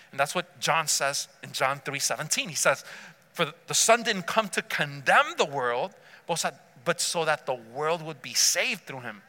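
A man's voice: a little high, very animated, normal speed, pushed and bright, big-room sound. A man preaching a sermon, telling a story with emphasis and acting out the quotes himself. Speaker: pastor.

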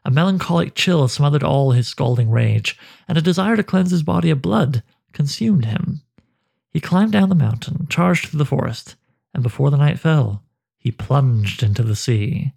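A man narrating a dark fantasy story with a measured, dramatic delivery. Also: on the high side, animated, vocal fry, slightly rough.

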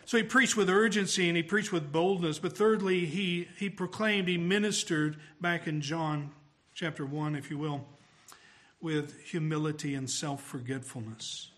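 A man preaching a sermon emphatically, his voice swelling louder on key phrases. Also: on the high side, moderate pace.

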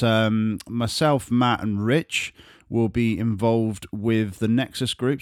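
Male podcast host, lowish voice, dry close sound, laid-back with lots of ums. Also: dry recording. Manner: relaxed, filler-heavy delivery. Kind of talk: casual podcast presenting.

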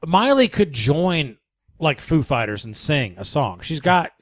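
A man co-hosting a radio show, chatty and quick to tease. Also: on the high side, big pitch swings, dry recording, clean studio sound. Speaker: radio host. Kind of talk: casual radio banter.

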